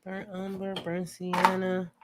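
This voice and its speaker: A young woman hosting a casual painting tutorial at home, chatty and joking with viewers, often clearing her throat. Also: lowish voice, monotone, slow pace, noisy background. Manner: chatty, joking asides, talks to viewers as friends; frequent laughs and throat clearing. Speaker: art tutorial host. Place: home studio with a fan running.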